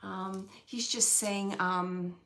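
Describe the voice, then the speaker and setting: Female medium giving a live reading. Gravelly texture, halting delivery with whispered asides. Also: mid-range voice, steady tone. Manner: relays messages in a soft, halting way, often dropping to a whisper.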